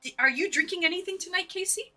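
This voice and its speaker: Her voice is very high, quick, bright and forceful, with faint music in the background. A Massachusetts woman with a Massachusetts accent, she streams online dates casually over a webcam mic, eating as she chats, reading the chat out loud and fitting in bites between words.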